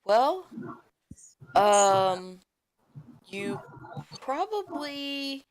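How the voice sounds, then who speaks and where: A woman's voice: high-pitched, big pitch swings, drawn-out words, heavily acted. A woman voicing Arwen, a polite, evasive adult male traveler, speaking hesitantly and courteously.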